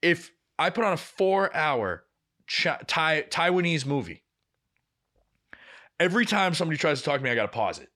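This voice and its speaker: A man's voice: fairly high pitch, animated, normal speed, long pauses, sharp tone. A young man co-hosting a podcast, telling a long story in casual chat and swearing often. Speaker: podcast co-host.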